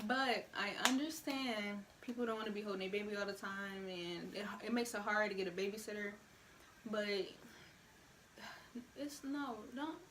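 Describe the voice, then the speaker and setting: A woman's voice: medium pitch, fairly even intonation, normal speed, noisy background. A young woman, giving her opinions in a frank, conversational way on a casual vlog. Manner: frank, conversational, many "you know" asides. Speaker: vlogger.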